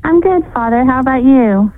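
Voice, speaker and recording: A woman's voice: sits high, animated, moderate pace, no room sound. Friendly woman caller over phone line. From Texas. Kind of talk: phone call to radio show.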